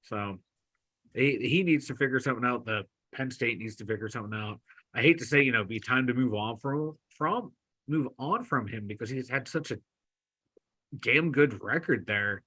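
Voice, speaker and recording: A man with a Pittsburgh accent co-hosting a podcast, bantering excitedly about sports with jokes, swearing and rambling restarts. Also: mid-range voice, moderate pace, breathy edge. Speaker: podcast co-host.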